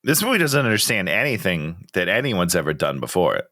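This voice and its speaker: Male podcast co-host, bright and animated, exasperated ranting. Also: low-pitched, a little fast, dry recording, studio quality. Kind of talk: casual chat.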